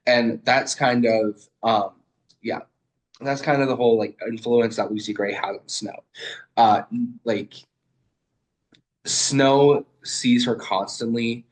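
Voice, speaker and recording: A man's voice: mid-range voice, steady tone, takes it slowly, long pauses, low-quality recording. A young man and student giving a casual, rambling literary video essay over a video call, with lots of fillers and swearing.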